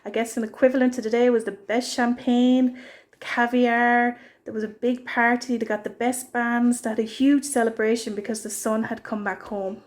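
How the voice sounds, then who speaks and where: Woman, devotional talk, higher voice, level delivery, earnest. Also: level tone, normal speed. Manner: earnest storytelling. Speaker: church speaker. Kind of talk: short devotional message.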